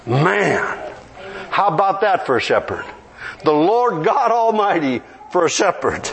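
Lively high-voiced preacher man. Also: measured pace. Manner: animated storytelling with humor, rising to emphatic preaching. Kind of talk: sermon. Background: congregation responding.

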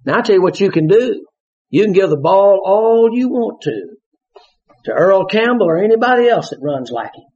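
Lively shouting preacher man. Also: high voice, moderate pace. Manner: animated, shouts punchlines and laughs while preaching. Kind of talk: sermon. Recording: dull lo-fi sermon recording.

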